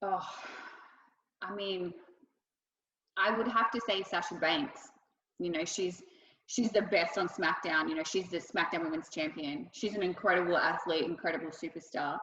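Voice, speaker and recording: A woman's voice: lowish voice, fairly even intonation, normal speed, fairly bright tone, roomy sound, in a large hall, muffled recording. A young woman with a thick Australian accent, answering interview questions with effusive enthusiasm and lots of fillers. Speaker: wrestler.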